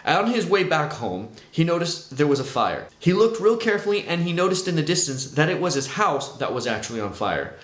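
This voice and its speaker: A man talking through a personal testimony in a conversational, animated storytelling way. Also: a little high, brisk, few pauses, echoey room. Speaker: vlogger sharing his testimony.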